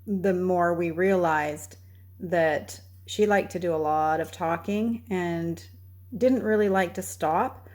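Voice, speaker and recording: Low-voiced woman telling a story. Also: darkish tone. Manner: unhurried, recounting events step by step. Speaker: homestead channel co-host. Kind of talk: casual storytelling.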